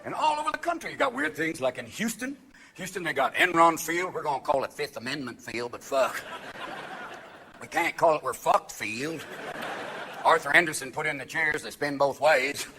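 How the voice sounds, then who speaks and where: Male stand-up comic, manic and shouty, high bright voice, live show with faint audience noise. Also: expressive. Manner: manic, rapid voice switching, shouting bursts. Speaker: stand-up comedian. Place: live comedy stage with laughing audience. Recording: live show audio with crowd laughter.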